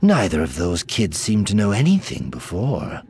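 A man voicing a cool, guarded female warrior in an audiobook, speaking flat and clipped. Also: deep voice, normal speed, vocal fry, slight background noise, full character voice. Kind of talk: audiobook character voice.

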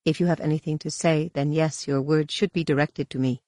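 The Magister, a narrator doing a calm old woman elder. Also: mid-range voice, brisk, no room sound, clean studio sound, lightly acted. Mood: dignified. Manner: calm, dignified. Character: old, composed female elder leader.

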